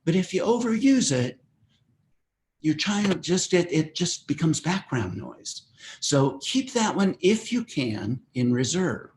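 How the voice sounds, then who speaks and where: A man's voice: on the high side, very animated, slow, darkish tone, a little hiss or hum. Older man presenting a parenting webinar. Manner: conversational, easygoing teaching with asides. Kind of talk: webinar talk. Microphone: web meeting microphone.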